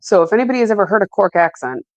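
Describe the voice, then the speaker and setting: A woman's voice: mid-range voice, very animated, very fast, darkish tone, no echo. A woman co-hosting a podcast in casual chat, listening closely and responding. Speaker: podcast co-host.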